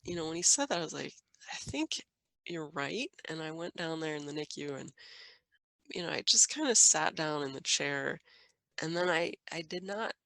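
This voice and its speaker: Chatty woman with a lower voice, dry close mic. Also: brisk, vocal fry, fairly bright tone, no echo. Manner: chatty, frequent fillers and laughter. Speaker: podcast guest, mother. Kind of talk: casual storytelling.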